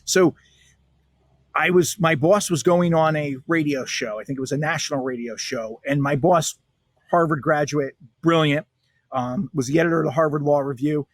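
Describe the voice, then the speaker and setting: A man's voice: on the high side, moderate pace, dry recording. A man, a guest author in a podcast interview, talking in an emphatic, punchy storytelling way.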